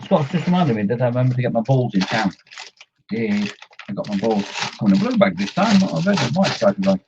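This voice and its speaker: A man's voice: fairly low pitch, expressive, normal speed, darkish tone, slight background noise. A man chatting casually while painting miniatures, rambling and humming to himself. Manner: rambling, hums and mumbles to himself. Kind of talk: casual chat while working. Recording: dull lo-fi sound.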